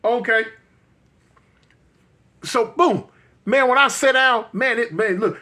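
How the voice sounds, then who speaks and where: High, bright comic storyteller man. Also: a little slow. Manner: animated, acts out scenes with vocal sound effects and exclamations; addresses listeners directly, colloquial.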